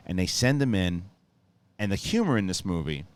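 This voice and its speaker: A man hosting a movie review show, giving an excited, rambling spoiler review with lots of swearing and restarted sentences. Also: low-pitched, normal speed.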